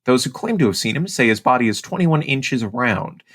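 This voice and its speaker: A man's voice: medium pitch, lively intonation, brisk, husky. A man from Ohio co-hosting a casual podcast, reading out notes and teasing his co-host with mock indignation.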